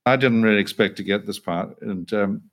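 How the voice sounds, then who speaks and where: A man's voice: fairly low pitch, fairly quick. An older male actor telling rambling, self-deprecating stories as an interview guest, laughing often. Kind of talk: casual interview anecdote.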